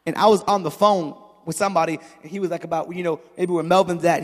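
A man preaching a sermon, telling stories in a chatty way that builds to shouted peaks and calls on the crowd for an amen. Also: a little high, steady tone, fairly quick, big-room sound. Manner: storytelling, builds from chatty asides to shouted climaxes; calls for audience response.

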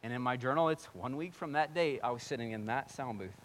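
A pastor delivers a sermon, telling his story in a swinging voice that sinks to a hush and climbs to near-yelling. His voice sits in the mid range and he speaks fast.

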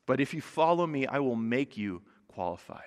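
A man doing a gentle, earnest teacher. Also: mid-range voice, big pitch swings, moderate pace, pitched below the performer's own voice. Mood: assuring. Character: calm, assuring male teacher calling followers. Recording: long hall reverb.

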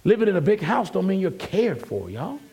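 Husky, lively preacher man. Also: high-pitched, fairly quick. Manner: emphatic, conversational preaching with call-outs to the congregation. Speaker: pastor. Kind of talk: sermon.

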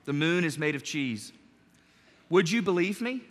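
A man preaching a sermon as pastor, animated and conversational, joking with his congregation. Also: on the high side, unhurried, big-room sound.

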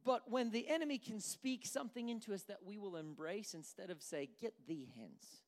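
A preacher giving an animated, conversational sermon who acts out the characters. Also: mid-range voice, fairly quick.

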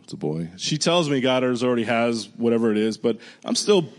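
A man preaching a sermon, speaking casually and earnestly, dropping to a hushed voice when he recalls his prayers. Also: a little fast. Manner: bursts of excited high-pitched exclamation. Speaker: pastor. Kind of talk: storytelling sermon.

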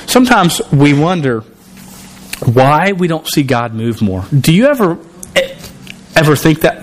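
A man's voice: a little high, animated, normal speed. A man preaching a sermon in a conversational way, often restarting and repeating words. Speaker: pastor.

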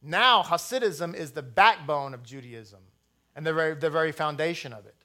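Rousing high-voiced rabbi preaching. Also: male voice, expressive, normal speed, pushed and bright. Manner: blunt, rousing, jokey asides to the congregation. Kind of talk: sermon.

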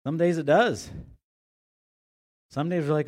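Animated, conversational male preacher. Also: a little high, measured pace, long pauses. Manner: conversational, animated when paraphrasing, with restarts. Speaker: pastor. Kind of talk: sermon.

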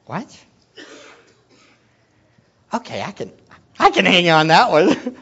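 Animated preacher, slow and sweeping. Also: vocal fry, slightly rough. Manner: swings between hushed low teaching and loud excited exclamations; asks the audience questions. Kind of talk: sermon.

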